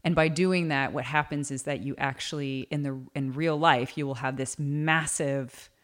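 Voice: medium pitch, fairly even intonation, normal speed, fairly bright tone. A podcast co-host who explains ideas reflectively in a casual conversation.

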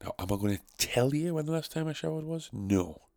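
A man's voice: on the high side, animated, a little fast, gravelly, darkish tone, no echo, clean studio sound. A young man from North East England, hosting a casual solo podcast, rambling and sarcastic, swearing freely. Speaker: podcast host.

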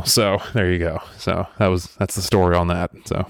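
A man's voice: low voice, fairly even intonation, moderate pace, gravelly, dry recording, clean studio sound. A young man, the podcast host, telling stories in a rambling, casual way, full of fillers and restarts. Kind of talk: casual storytelling chat.

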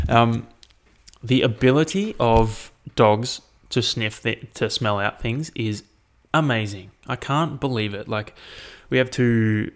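A man's voice: medium pitch, measured pace. A young man hosting a solo podcast, chatting casually and rambling with frequent swearing. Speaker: podcast host.

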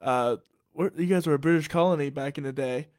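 Curious man hosting, slightly high voice. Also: fairly quick, darkish tone. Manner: curious, encouraging questions. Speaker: podcast host. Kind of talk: casual interview chat.

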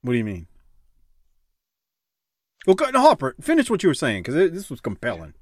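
A man hosting a casual podcast chat, animated and joking, laughing and swearing with his co-hosts. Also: on the high side, a little fast, no room sound, studio quality. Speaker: podcast host.

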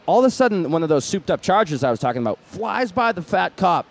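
Boston guy on a podcast, animated up and down, cussing his cohost out. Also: high-pitched, fast, vocal fry. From Massachusetts. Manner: combative, profane storytelling. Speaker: podcast co-host. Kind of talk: casual podcast banter.

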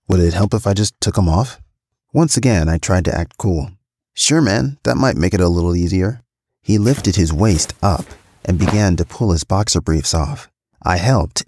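A man with a very low voice reads a first-person story aloud. His delivery is steady and matter-of-fact. The recording is dry and close. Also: slightly rough, no echo. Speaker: podcast storyteller.

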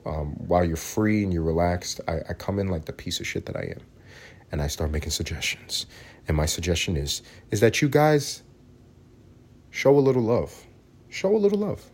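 A man hosting a solo comedy podcast, ranting loudly with a lot of swearing and acting out the people in his stories. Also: low-pitched. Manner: animated ranting, swearing, acts out voices. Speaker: podcast host.

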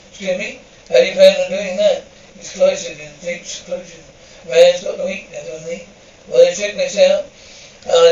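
High-pitched man, podcast script reader, stumbles and restarts; distant, roomy, dull lo-fi recording. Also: dark tone. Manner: halting reading with frequent restarts and stumbles. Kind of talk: reading a TV episode script aloud.

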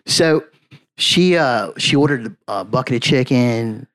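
A man's voice: mid-range voice, expressive, slow, fairly bright tone. Man telling stories in a rambling way. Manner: rambling storyteller, peppers talk with "man" and "you know". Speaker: podcast guest. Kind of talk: casual podcast chat.

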